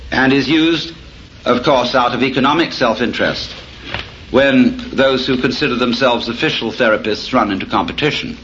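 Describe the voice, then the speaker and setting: A middle-aged man with a mid-range voice gives a public lecture at a normal pace, wry and full of stories. The recording sounds like dull lo-fi tape with a faint hiss.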